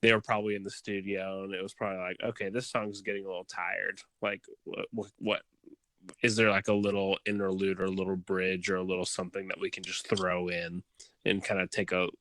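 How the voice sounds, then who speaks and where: A man's voice: deep voice, little pitch movement, a little fast, a bit bright, no echo. A man co-hosting a casual music podcast, thoughtful and analytical, with many fillers. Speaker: podcast co-host.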